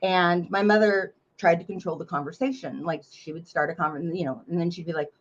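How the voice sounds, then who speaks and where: A woman from North Carolina, a memoir author guest telling a story in a blunt, animated way and swearing freely. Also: fairly low pitch, fairly quick, few pauses, muffled recording. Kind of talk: casual interview storytelling.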